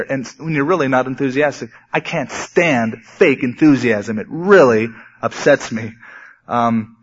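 Man preaching in a dull, lo-fi recording. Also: mid-range voice. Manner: conversational preaching, sometimes animated. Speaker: pastor. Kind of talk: sermon.

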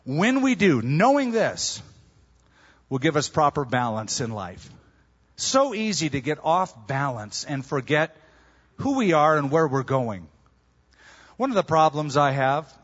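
A man preaching a sermon, telling stories with lively swings in pitch and loudness. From California. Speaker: pastor. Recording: dull lo-fi sermon recording.

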